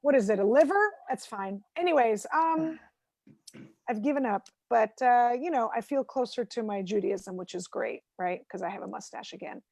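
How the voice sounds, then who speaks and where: A woman's voice: a little high, animated, normal speed, gravelly, darkish tone, no echo. A woman stand-up comedian doing a rambling, self-mocking routine over a video call from home, full of "like"s.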